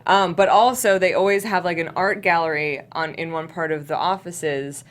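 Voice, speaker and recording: A woman's voice: lowish voice, fairly even intonation, moderate pace. A woman co-hosting a podcast, telling stories in easygoing casual chat. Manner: easygoing storytelling, laughing asides. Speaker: podcast co-host.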